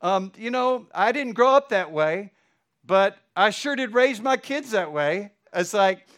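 A man's voice: high voice, animated, measured pace, a bit bright. A middle-aged man, a pastor, preaching a sermon with fervent, building emphasis.

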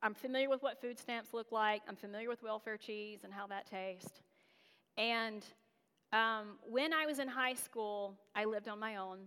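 A woman from North Carolina preaches in a candid, conversational way and mixes personal stories with self-deprecating asides. Her fairly high voice carries the long reverb of a large church hall. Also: normal speed, a bit bright, clear, resonant tone. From North Carolina, USA. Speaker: guest preacher. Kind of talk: storytelling sermon.

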